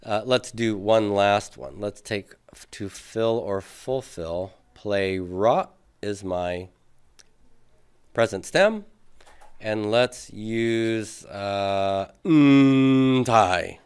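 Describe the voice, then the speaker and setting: A man lecturing to a classroom at an unhurried, deliberate pace. His voice sits low, and he thinks aloud with plenty of fillers while quizzing his students. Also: clean tone. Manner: patient, thinks aloud with many fillers, asks students questions. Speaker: Greek teacher.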